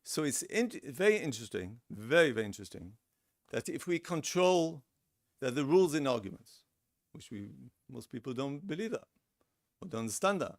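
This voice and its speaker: A man's voice: medium pitch, very animated, normal speed, no echo, clean studio sound. A middle-aged man lecturing a seminar in a conversational way, acting out example lines and repeating his words. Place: lecture room.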